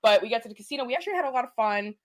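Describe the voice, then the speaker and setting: A young woman co-hosting a podcast from a studio, telling an animated, profane story in casual chat, with "like" in nearly every line. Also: fairly high pitch, very fast. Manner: animated, profane, heavy use of "like". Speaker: podcast co-host.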